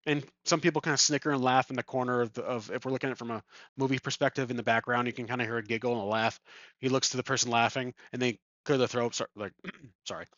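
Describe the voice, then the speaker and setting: A man's voice: medium pitch, fairly even intonation, fast, fairly bright tone, no room sound. A man playing a tabletop game alone, making it up as he goes and thinking aloud with many ums. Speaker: solo tabletop game player. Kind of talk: improvised game narration. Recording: dull lo-fi sound.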